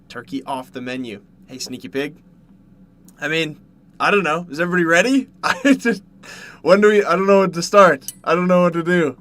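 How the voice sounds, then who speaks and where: A man from Canada, streaming casually from home while eating, jumping from loud yelps to low mumbles. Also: normal speed, a little hiss or hum. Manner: excitable, jumps to loud yelps then mumbles. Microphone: desk mic, no headset.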